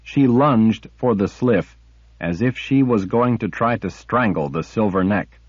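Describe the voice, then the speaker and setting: Slow, low-voiced male audiobook narrator. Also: a little mellow, slightly rough, dry recording. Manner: measured, dramatic storytelling. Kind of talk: scripted narration. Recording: dull lo-fi audiobook recording.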